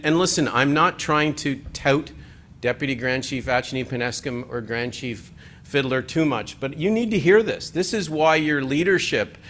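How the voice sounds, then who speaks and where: A man giving a presentation at an assembly, talking in an animated, conversational way with joking asides. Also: mid-range voice. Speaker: conference speaker.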